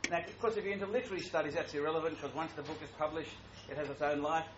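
A man preaching a sermon in a church, talking in a conversational, animated way that grows louder. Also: a little high, racing, a little hiss or hum. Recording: roomy, muffled church recording.

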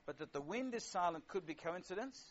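A man's voice: sits high, animated, a little fast. A middle-aged man preaching a sermon in a conversational, wry way, with frequent fillers. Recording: lo-fi dull sound.

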